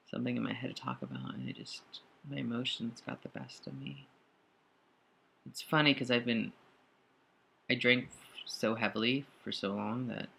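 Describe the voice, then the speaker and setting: Man, crying, halting video diary, very gravelly, husky, bright tense tone. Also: mid-range voice. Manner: halting and emotional, with many pauses and fillers; grateful, soft-spoken confession. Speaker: vlogger.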